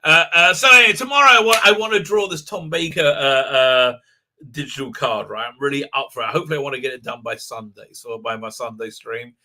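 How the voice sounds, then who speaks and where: A man's voice: medium pitch, brisk, pushed and bright. A man hosting a casual live stream, talking in a rambling way with many fillers, restarts and frequent laughs. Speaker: livestream host.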